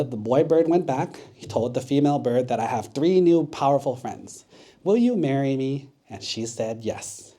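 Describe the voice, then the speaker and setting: A Buddhist monk telling a story to children, in a dark, mellow voice. He narrates casually and conversationally, as if chatting with the kids. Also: mid-range voice.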